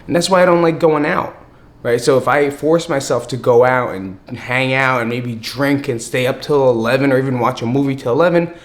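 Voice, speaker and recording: A man from the US East Coast hosting a podcast, talking in an energetic, hyped, chatty way in a casual monologue. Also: medium pitch, fairly quick. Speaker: podcast host.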